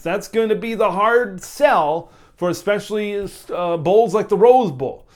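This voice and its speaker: A man's voice: high-pitched, a little slow, hardly any pauses. A young man hosting a college football opinion vlog, talking casually and emphatically, hammering home his points. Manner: animated, emphatic, repeats key points.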